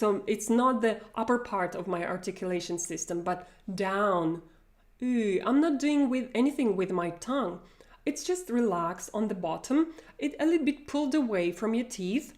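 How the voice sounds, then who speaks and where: Slow-speaking woman teacher. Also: a little high, darkish tone. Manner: demonstrates sounds, repeats and exaggerates them. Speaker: Russian pronunciation teacher. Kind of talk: online pronunciation lesson.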